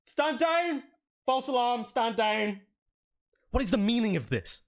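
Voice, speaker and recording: A man voicing a panicky, loud male army sergeant who barks orders in alarm. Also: medium pitch, measured pace, voice pushed up, natural voice. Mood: barking. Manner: shouty and alarmed, barking orders.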